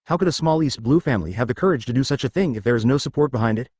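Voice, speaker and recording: A man's voice: mid-range voice, animated, racing, a little mellow, slightly rough, dry recording. A smug, cornered crime boss read by a man in a plain, level tone. The delivery still rises and falls a lot from line to line. The sound is close and dry.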